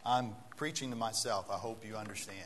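Fairly low in pitch yet fairly bright, this preacher's voice moves at a fairly quick clip during an evening church sermon. He narrates a story that rises to a sincere appeal, and the auditorium adds long reverb over faint background noise.

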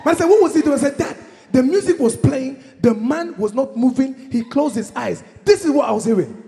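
A young stand-up comedian originally from Congo works a live crowd, shouting his punchlines and switching into his parents' voices. His voice sits high and swings widely, with a gravelly, husky edge. The sound carries the long reverb of a concert hall. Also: sing-song, a little fast.

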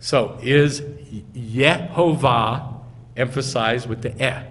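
Rabbi teaching in an echoey hall. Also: male voice, a little high, animated, measured pace. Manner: explains step by step, asks the audience questions. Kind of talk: teaching sermon. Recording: echoey hall, faint noise.

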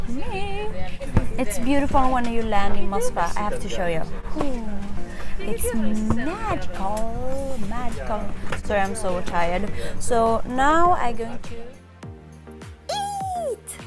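A young woman from Sweden vlogging her travel to camera, chatty, playful and emotional. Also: sits high. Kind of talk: casual vlog chat to camera. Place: airport and plane, indoors. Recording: loud music under voice.

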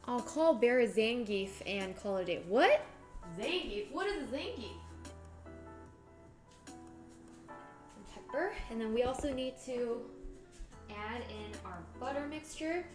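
A woman with a fairly high, bouncy voice that leaps around as she talks her viewers through a recipe. She chats casually and walks through each step out loud. Music plays clearly under her voice. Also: lively intonation, slow pace, long pauses. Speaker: streamer cooking live. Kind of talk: casual live-stream chat while cooking. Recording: background music clearly audible.

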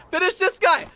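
A young Australian man chatting playfully while playing a game, excitable and teasing. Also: very high-pitched, a little hiss or hum. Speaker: streamer. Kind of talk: casual gaming chat.

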